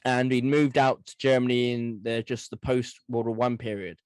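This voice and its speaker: A man co-hosting a casual history podcast, telling stories quickly and eagerly. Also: medium pitch, flat delivery, a little mellow, clear, resonant tone, no echo. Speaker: podcast co-host.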